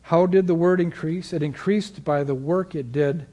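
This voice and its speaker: A man delivers a sermon as a guest preacher in a slightly high voice. He restarts his sentences and uses fillers while he explains a passage, then climbs into loud, fervent exhortation. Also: moderate pace. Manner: builds from calm teaching to loud fervent exhortation. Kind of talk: sermon teaching.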